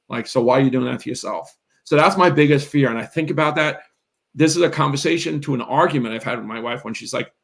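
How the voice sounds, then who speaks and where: A middle-aged man with a gravelly voice gives a motivational talk over a live video call. He talks emphatically and keeps checking in with "right?". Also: medium pitch, fast, fairly bright tone. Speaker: real estate coach.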